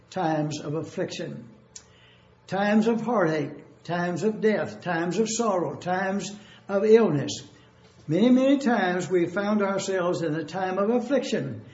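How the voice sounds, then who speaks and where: High-voiced preacher in an echoey room. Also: male voice, a little mellow. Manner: numbered points, deliberate repetition. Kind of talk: expository sermon. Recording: echoey room, dull lo-fi sound.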